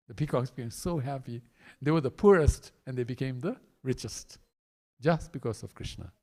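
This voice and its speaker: A man giving a storytelling sermon class in a temple, animated and acting out the characters as he goes. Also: mid-range voice. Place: temple hall.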